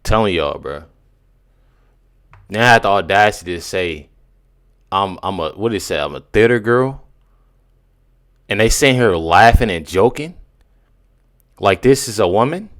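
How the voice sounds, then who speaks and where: A man's voice: on the low side, lively intonation, normal speed, long pauses, a bit bright. A young man giving casual reaction commentary, exasperated and repeating slang tags as he talks over a clip. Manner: exasperated, repeats "bro" and "y'all".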